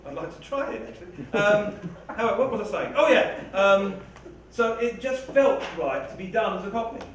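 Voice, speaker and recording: An Englishman chats loosely with an audience, rambling and poking fun at himself. His voice sits a little high. It is caught from far off in a very echoey hall with steady background noise. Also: normal speed. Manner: rambling, self-deprecating, chatty with frequent laughs. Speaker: writer or reader speaking to a live audience. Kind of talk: casual talk-back with an audience.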